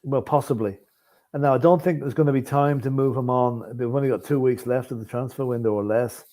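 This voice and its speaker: A man's voice: medium pitch, steady tone, a little fast, mellow. A man talking football on a casual fan podcast, opinionated and stopping to add "right?" as he makes his points. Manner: opinionated, keeps adding "right?".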